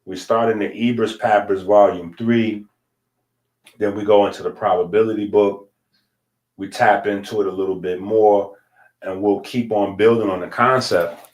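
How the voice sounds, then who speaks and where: A man's voice: lowish voice, a little mellow. A man teaching a casual lecture, explaining in a loose conversational way and checking in with frequent "right?" tags.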